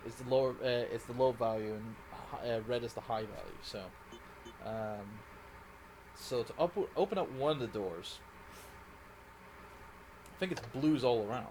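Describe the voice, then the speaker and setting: A man's voice: mid-range voice, moderate pace, pauses often, a little mellow, a little hiss or hum. A Scottish man casually commenting on a live game stream, rambling and correcting himself as he plays. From Scotland. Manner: rambling, self-correcting, giggly.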